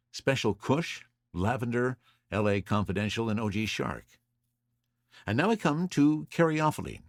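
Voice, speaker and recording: Lively low-voiced man hosting a podcast. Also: dry recording, clean studio sound. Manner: reads from notes, lively listing. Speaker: podcast host. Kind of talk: solo podcast explainer.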